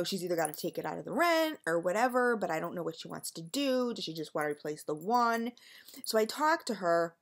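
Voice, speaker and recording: Woman vlogger, casual storytelling to camera, rambling and chatty, filler-heavy. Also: mid-range voice.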